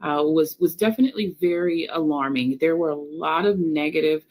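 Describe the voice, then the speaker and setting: A woman giving an earnest, measured social media commentary with many fillers. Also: deep voice, darkish tone, low-quality recording. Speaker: video commentator.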